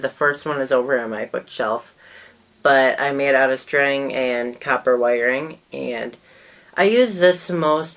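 Very low-voiced rambling woman vlogger. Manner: chatty and rambling, often trailing off. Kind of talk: casual show-and-tell talk to camera.

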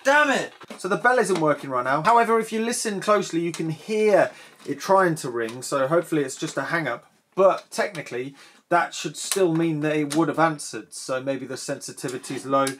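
A man's voice: on the high side, fairly quick, a little hiss or hum. A man casually demonstrating an old machine, chatting and thinking aloud as he tinkers. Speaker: museum owner demonstrating an answering machine.

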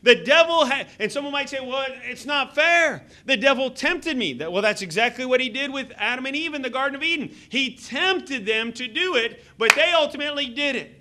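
A pastor in his thirties preaches to his congregation, his voice sitting very high for a man with a bright, forceful edge. He speaks into a handheld microphone in a church sanctuary. His delivery is earnest and halting, with frequent fillers and restarts. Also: lively intonation, slight background noise. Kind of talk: sermon.

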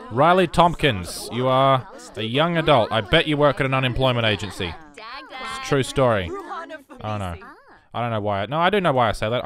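An excitable man, rambling through casual gameplay commentary and bursting into shouts. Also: mid-range voice. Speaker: game streamer.

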